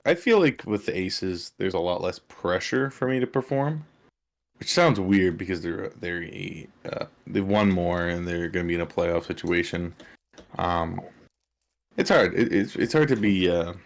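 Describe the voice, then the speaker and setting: A man's voice: deep voice, normal speed, vocal fry. A man being interviewed as a player in a casual online chat, rambling with many fillers and restarts. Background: chewing on ice.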